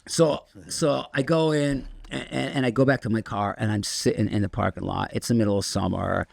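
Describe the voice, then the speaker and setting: Podcast guest, male, gravelly voice, halting storyteller, dry close mic. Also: fairly low pitch, steady tone, darkish tone, no echo. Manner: rambling, halting storytelling with many restarts. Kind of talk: telling his recovery story on a podcast.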